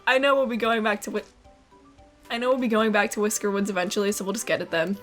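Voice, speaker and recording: A woman's voice: medium pitch, fairly even intonation, fast, soft background music. A woman casually co-commentating a video game with playful, giggly banter. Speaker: let's play co-commentator.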